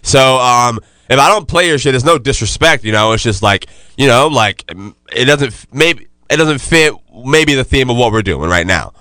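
A man hosts a casual podcast, his voice bright and forward. He talks loosely, full of slang and fillers, in a crisp, smooth tone. The sound is dry and close to the mic. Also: mid-range voice, expressive, moderate pace, few pauses, no echo. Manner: laid-back, loose slangy delivery with many fillers. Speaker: podcast host.

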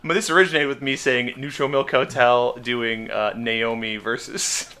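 A man's voice: mid-range voice, fairly even intonation, normal speed, sharp tone. A man hosting a casual music podcast, chatting animatedly and laughing often. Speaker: podcast host. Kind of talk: casual chat.

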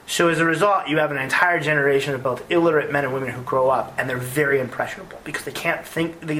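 Bright-voiced man telling war stories. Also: mid-range voice, slight background noise, poor audio. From United States. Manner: earnest and animated, with frequent word repeats. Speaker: former army officer, guest. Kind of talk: conversational storytelling interview.

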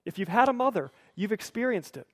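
A pastor preaching a sermon in a conversational, lightly humorous storytelling manner. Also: male voice, high-pitched, big pitch swings, brisk, dry recording.

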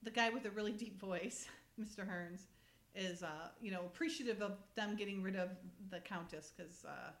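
Animated woman recapping with laughs, echoey. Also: mid-range voice, normal speed. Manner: animated retelling with quoted character voices and laughter. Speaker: co-host recapping a TV episode. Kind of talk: casual chat.

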